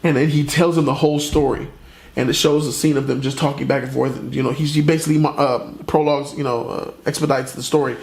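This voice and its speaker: A man retelling a comic plot in a casual, animated, profane way, as a reviewer. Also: mid-range voice, quick pace, vocal fry. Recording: roomy echo.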